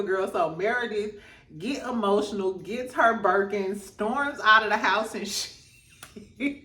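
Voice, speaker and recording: A woman's voice: medium pitch, measured pace, pushed and bright, echoey room, distant mic. A woman hosting a casual reality TV recap, laughing a lot and acting out the cast members' lines in voices.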